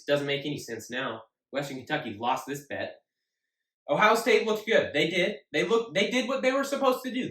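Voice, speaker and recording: A man's voice: a little high, fairly bright tone. A man hosting his own sports show, talking casually and emphatically and often repeating himself. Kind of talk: casual solo sports talk. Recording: echoey room, mic at a distance.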